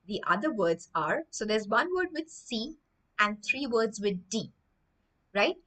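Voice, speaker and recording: A woman's voice: mid-range voice, sing-song, unhurried, bright, forceful tone, poor audio. A woman teaching English vocabulary in an online lesson, reading a story and explaining words with lists of synonyms, often checking "right?".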